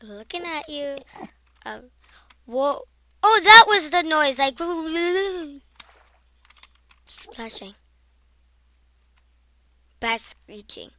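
High, sharp-voiced woman shrieking through gameplay. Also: animated, very slow, long pauses, slight background noise. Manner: shrieks and screams at monsters, chatters to herself. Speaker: gaming channel host. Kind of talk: let's-play commentary.

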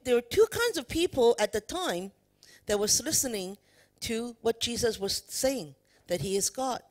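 A woman preacher giving an emphatic sermon, asking the congregation questions. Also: fairly high pitch. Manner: emphatic, addresses the congregation with questions and "you know" fillers. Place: church worship service.

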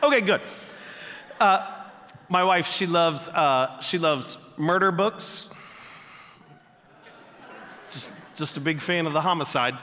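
A male pastor preaching a sermon, animated and joking in a conversational way. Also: fairly high pitch, takes it slowly, pauses often, slight background noise. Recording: long echoey hall reverb.

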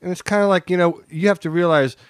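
A man recounts a story in a relaxed podcast chat, his voice sitting a little higher than most men's. The sound is close and dry. He brings the scene to life by playing the other people's lines himself. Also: quick pace, smooth, no room sound. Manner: animated, acts out quoted lines. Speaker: interview guest. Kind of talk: casual storytelling in a podcast interview.

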